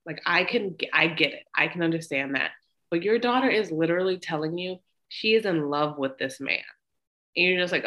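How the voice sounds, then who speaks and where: A woman's voice: lowish voice, expressive, normal speed, bright, forceful tone. A woman co-hosting a podcast, recapping a movie in casual chat, blunt and laughing often as she acts out the characters' lines. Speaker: podcast co-host.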